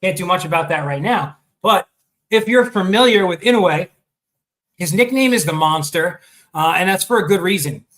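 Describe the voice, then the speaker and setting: Sports show host, male, high pitched, bright tone, rambling casual delivery, fighting off hiccups. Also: lively intonation, moderate pace, rough recording. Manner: chatty, hesitant with many ums and restarts. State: has the hiccups.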